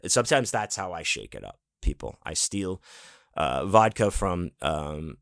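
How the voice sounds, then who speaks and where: A man's voice: low-pitched, expressive, unhurried, gravelly, fairly bright tone, no room sound, studio quality. A man hosting a podcast, telling a rambling, profane story in casual chat and acting out the people in it. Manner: profane, rambling, acts out quotes. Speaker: podcast host.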